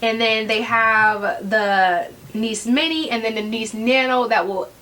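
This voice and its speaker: A woman's voice: a little high, unhurried. A woman vlogger, chatting casually and sassily to her viewers, often checking in with "okay?". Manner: sassy, animated, talks straight to viewers with frequent "okay?". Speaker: fashion vlogger. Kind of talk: casual chat to camera.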